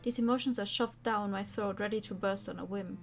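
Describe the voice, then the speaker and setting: A woman's voice: mid-range voice, steady tone, a little fast. A woman streamer reading a game's story text aloud with dramatic delivery and casual asides. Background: faint background music.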